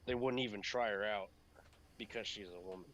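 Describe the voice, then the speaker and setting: A man's voice: fairly low pitch, fairly quick, heavy background noise. A laid-back man co-hosting a casual podcast, swearing and reading posts aloud. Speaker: podcast co-host.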